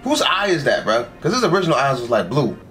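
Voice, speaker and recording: With faint music behind him, a young man reacts to anime in slang-filled chatter, addressing the screen and repeating "bro" again and again. His mid-range voice is a bit bright, he talks fast, and his pitch swings hugely.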